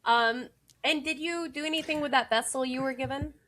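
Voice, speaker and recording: A woman's voice: high voice, brisk, a bit bright. A woman running a tabletop horror game as game master, describing scenes vividly and making playful rulings on the mechanics.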